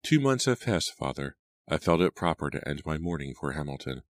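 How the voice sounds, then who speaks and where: A man voicing a grief-stricken young woman in an audiobook, raising his voice high and strained. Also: very animated, fairly quick, no echo, heavily acted. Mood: subdued. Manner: high, strained, near shrieking. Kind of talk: audiobook character voice.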